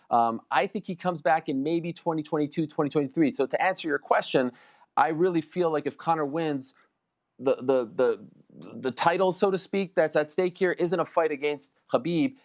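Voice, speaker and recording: A man talking as a guest in an animated sports debate, boastful and emphatic, repeating phrases for effect. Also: fairly high pitch, fairly quick. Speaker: combat sports reporter, guest.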